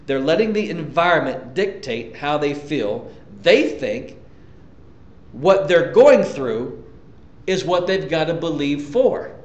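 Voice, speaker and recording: A man preaching a sermon as pastor, emphatic, repeating key lines and jumping up in pitch to drive points home. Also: animated, takes it slowly. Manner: emphatic preaching, sudden pitch jumps and repetitions. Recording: echoey church room, dull lo-fi sound.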